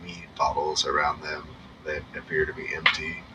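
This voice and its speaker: A man's voice: a bass voice, little pitch movement, moderate pace. A man running a tabletop game, describing scenes casually with lots of fillers. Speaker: game master. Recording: distant mic, faint noise.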